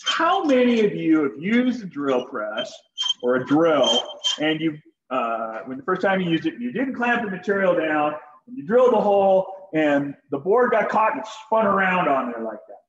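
A man's voice: on the high side, very animated, normal speed, fairly bright tone, reverberant, lo-fi sound, slight background noise. A man teaching a shop class in a folksy, joking way while demonstrating tools. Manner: folksy, joking, talks to students directly. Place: school workshop.

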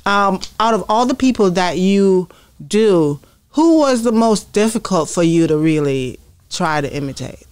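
A woman's voice: mid-range voice, lively intonation, a little slow, darkish tone, clear, resonant tone. A woman hosting an interview, asking curious questions and prompting with short reactions. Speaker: interviewer host.

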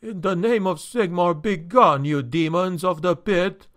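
A man's voice: sits high, unhurried, a bit bright, pitched above the performer's own voice. A man voicing a frightened old male innkeeper with a thin, quavering voice. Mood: fearful.

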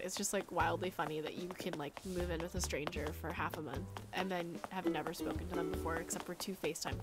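A young American woman, a musician streaming a game, chatting casually and rambling through stories between frequent laughs. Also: mid-range voice. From United States. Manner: chatty, rambling storyteller who often laughs. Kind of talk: casual chat while gaming.

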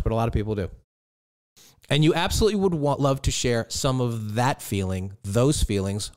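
A middle-aged man hosting a podcast, talking listeners through relaxed advice in a playful, conversational way and speaking to them directly. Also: lowish voice. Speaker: podcast host.

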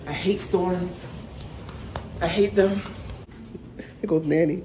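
A woman vlogging casually to the camera, chatty and excitable, quick to exclaim. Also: fairly low pitch, creaky, slight background noise.

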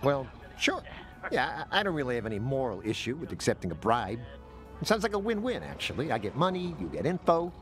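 An actor as a chatty shady informant. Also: male voice, mid-range voice, big pitch swings, a little fast, faint music behind, close to an everyday voice. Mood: cagey. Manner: easygoing, chatty, nervous asides. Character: friendly shady alien informant man.

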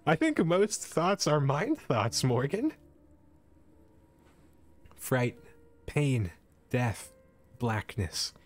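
Brief: tiny impatient pseudo-dragon, put on by a man, pitched up, nagging. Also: wildly swooping pitch, slow pace, few pauses, heavily acted. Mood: nervous. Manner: scolding, impatient. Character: small nervous bossy male pseudo-dragon.

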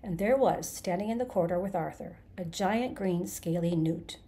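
A woman narrating a comic science fiction novel in a measured, dry storytelling delivery. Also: on the low side, warm tone. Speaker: narrator, podcast host. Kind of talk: scripted audiobook narration.

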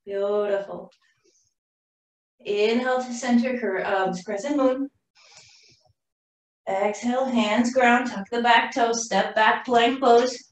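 A woman teaching a live yoga class, cueing poses calmly while doing the flow herself and running out of breath. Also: a little high, slow pace, pauses often. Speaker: yoga instructor. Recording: roomy echo from far off the mic.

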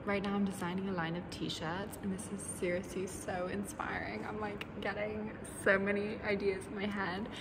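A young woman vlogging on her phone while walking around a city, chatty and excitable, with lots of "like"s and laughter. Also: medium pitch, moderate pace, few pauses. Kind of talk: casual travel vlog talk. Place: out and about in a city, in and out of doors. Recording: phone vlog with clear street noise. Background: street and traffic noise.

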